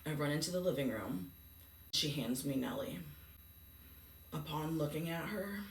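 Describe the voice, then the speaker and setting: Woman, gravelly, subdued grief, echoey room, distant mic. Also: animated, moderate pace, long pauses, slight background noise. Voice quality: gravelly low voice. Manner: subdued, grief-stricken telling. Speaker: vlogger. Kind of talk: personal storytelling to camera.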